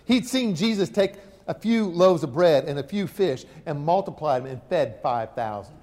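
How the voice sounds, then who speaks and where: A man preaching a sermon, telling the story in an animated, emphatic way. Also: a little high, normal speed. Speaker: pastor. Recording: long hall reverb.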